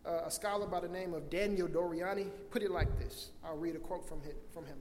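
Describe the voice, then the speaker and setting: A high-voiced man preaches an impassioned sermon, circling back over his words and restarting phrases. His voice rings through an echoey hall with a long reverb tail and faint room ambience. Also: fairly quick, hardly any pauses, a little hiss or hum. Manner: impassioned preaching, acts out scenes in loud cries. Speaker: pastor.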